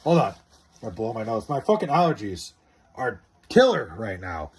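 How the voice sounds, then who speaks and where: A man's voice: fairly low pitch, wildly swooping pitch, moderate pace, breathy edge. A man streaming live, chatting casually with his viewers, rambling and swearing freely as he argues about sports. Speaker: live streamer reading chat.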